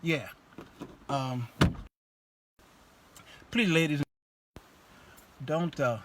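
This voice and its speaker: A man's voice: on the high side, a little slow, pauses often, a little hiss or hum. A man, hosting his own show, telling a story by phone and acting out both sides of the talk. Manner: animated, acts out both sides of a conversation. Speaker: host. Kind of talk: casual live-stream storytelling. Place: outdoors in the rain, then in a car.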